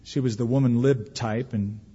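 A man preaching a sermon as pastor, folksy and humorous, with dramatic pauses. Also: mid-range voice, steady tone, dark tone, slightly rough, long reverb tail, muffled recording.

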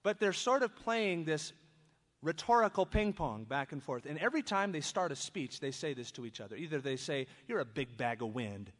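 A man preaching a sermon, reading scripture aloud and then breaking into lively, conversational asides. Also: fairly high pitch, a little fast. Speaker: pastor. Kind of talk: expository sermon. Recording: long reverb of a large hall.

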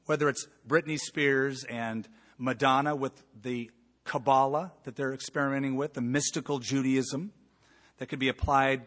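A man preaching a sermon as a pastor, emphatic, moving between loud points and hushed asides. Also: mid-range voice, fairly even intonation, normal speed. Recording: long reverb of a large hall.

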